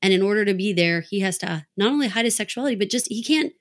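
A woman co-hosting a podcast, emotive and expressive as she discusses a TV episode and laughs easily. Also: mid-range voice, fast. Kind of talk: casual recap discussion of a TV episode.

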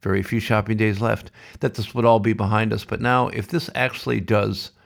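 Middle-aged man, podcast host, low voice, gravelly fry, blunt, sardonic, ranting monologue. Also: flat delivery, brisk.

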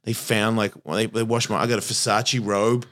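A middle-aged Australian comedian in casual podcast chat, crude and self-deprecating, rambling with restarts. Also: male voice, on the low side, level tone, fairly quick, fairly bright tone. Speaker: comedian guest.

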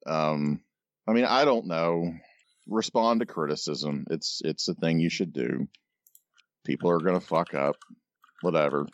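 Deep-voiced man on a dull-sounding mic. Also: measured pace, long pauses. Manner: hesitant, dry, many restarts. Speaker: podcast co-host. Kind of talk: casual comics podcast banter.

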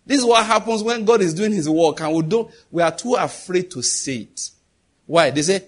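A middle-aged preacher delivers a sermon, his voice somewhat husky and breathy. He speaks emphatically and conversationally, throwing rhetorical questions at the congregation. His pitch sits a little higher than most men's. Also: expressive, moderate pace.

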